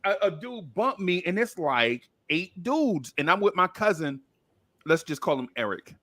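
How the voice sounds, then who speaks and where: Lively, bright-voiced New man. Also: high voice, moderate pace. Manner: animated storyteller, acts out voices. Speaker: podcast co-host. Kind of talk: casual storytelling chat.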